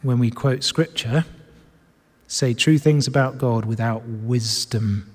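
A man preaching a sermon, swinging between loud emphatic lines and soft, low asides. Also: takes it slowly, husky, big-room sound. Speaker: pastor. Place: church hall with screens.

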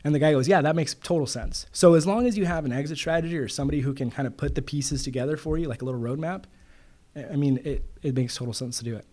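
A man's voice: a little high, fast. Middle-aged man telling a story. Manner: animated storyteller quoting others with "he goes". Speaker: guest, loan broker. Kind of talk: casual interview storytelling.

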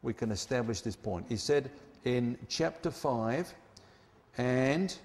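A man preaching a sermon, emphatic, slowing down and dropping low on key phrases. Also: expressive, darkish tone, big-room sound.

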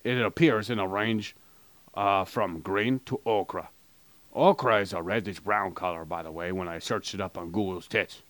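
A man's voice: sits low, steady tone, a little slow, fairly bright tone, dry recording. A man co-hosting a crude comedy podcast, rambling and joking, sometimes slipping into a mock advertiser voice. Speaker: podcast co-host.

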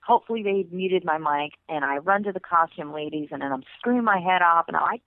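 Woman, former park performer, animated storyteller, lowish voice, dry tinny phone line. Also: fast talker, hardly any pauses, dry recording. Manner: animated, with bursts of laughter. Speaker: former theme park performer, interview guest. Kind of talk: casual storytelling.

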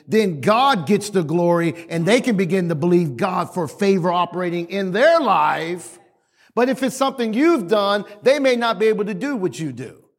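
High-pitched man preaching emphatically. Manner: emphatic call-and-response preaching; repetitive, exhorting, varies volume widely. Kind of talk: sermon.

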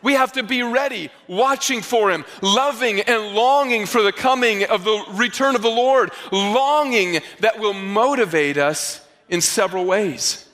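Pastor, male, from the Northeastern US, preaching with a high, bright voice and acting out little scenes; reverberant sanctuary sound. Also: measured pace, hardly any pauses. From Northeastern United States. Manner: animated storytelling with acted-out dialogue. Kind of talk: sermon.

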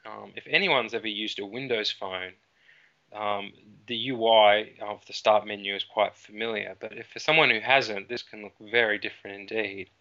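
A man's voice: lowish voice, fairly even intonation, normal speed, sharp tone. A man appearing as a guest technologist in a casual chat, explaining at length in a rambling, hedging way. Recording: dull lo-fi recording.

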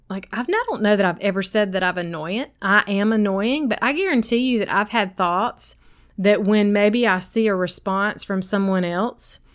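Woman, middle-aged, noticeable accent, smooth clear voice, chatty self-help host, talks directly to listeners. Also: medium pitch. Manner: chatty, speaks straight to listeners.

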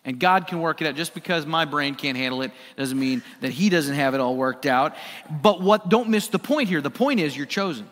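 A man's voice: on the high side, brisk, fairly bright tone, in a large hall. A pastor preaching a sermon to his congregation in a conversational way, tossing rhetorical questions to the room. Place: church sanctuary.

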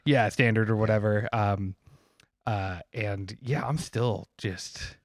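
A man's voice: lowish voice, slow, no room sound, studio quality. A man co-hosting a podcast, chatting casually about video games, laughing easily and swearing now and then. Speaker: podcast co-host.

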